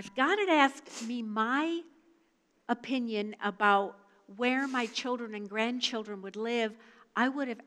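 An older woman giving a devotional talk, reading scripture and telling a personal story in an earnest, measured way. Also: a little high, fairly bright tone. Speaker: devotional speaker. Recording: long hall reverb.

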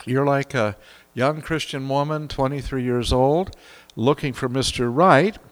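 A man's voice: mid-range voice, measured pace, long reverb tail. A preacher, an older man, giving a sermon in a folksy, chuckling way with many fillers. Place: church.

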